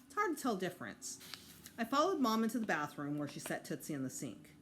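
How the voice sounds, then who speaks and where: A woman teacher reading a children's chapter book aloud with expressive narration. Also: on the low side, fairly quick, a little hiss or hum. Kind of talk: storybook read-aloud.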